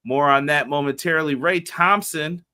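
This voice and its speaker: Hyped, bright-voiced podcast co-host man. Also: on the high side. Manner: hyped, rapid shout-out reading. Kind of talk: casual podcast chat.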